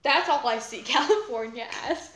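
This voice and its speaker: A woman's voice: sits high, lively intonation, normal speed, fairly bright tone. A teenage girl, co-hosting a podcast and telling a true story in a giggly, rambling way that keeps breaking off. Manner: giggly, rambling, self-interrupting. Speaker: podcast co-host. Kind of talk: casual chat, storytelling. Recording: roomy echo.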